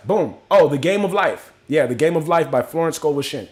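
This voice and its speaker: A man's voice: a little high, animated, a little fast, slight background noise. A man hosting a live stream, talking casually and motivationally to his viewers and reading out their comments. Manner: talks straight to viewers, peppered with "you know what I'm saying"; reads out chat comments and names. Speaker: livestream host.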